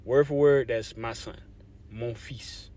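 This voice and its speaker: A man's voice: mid-range voice, fairly even intonation, slow pace, dark tone. A young adult man from Louisiana in a casual talk to camera, explaining things conversationally and often checking in with his listeners. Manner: conversational, repeats "you see what I'm saying". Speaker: language advocate.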